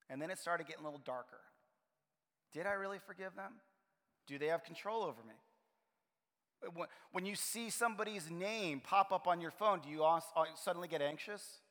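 A man preaching a sermon in a relaxed, conversational way, often restarting his phrases. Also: high-pitched. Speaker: pastor. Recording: reverberant hall.

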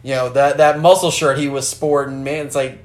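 A man's voice: mid-range voice, steady tone, brisk, roomy sound. A man co-hosting a casual chat about a film, rambling, swearing freely and acting out characters. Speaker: podcast co-host.

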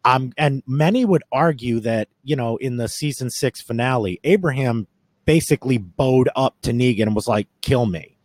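A man hosts a casual podcast chat, circling his points with restarts and a few swear words. His voice sits at an ordinary middle pitch for a man, recorded dry and close with no room around it. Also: moderate pace, darkish tone, no room sound. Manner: rambling, restarting, profane. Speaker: podcast host.

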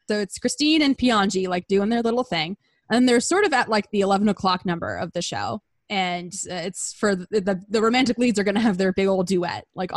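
A woman's voice: medium pitch, no echo. Crude, rambling comic host, woman, dry close recording. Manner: crude, rambling, lots of fillers. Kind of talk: comedic plot recap.

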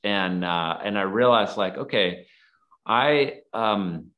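Earnest man with a lowish voice, telling stories casually and rambling with fillers. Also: slow, phone-quality sound. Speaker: guest, photographer and nonprofit founder. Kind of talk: casual storytelling.

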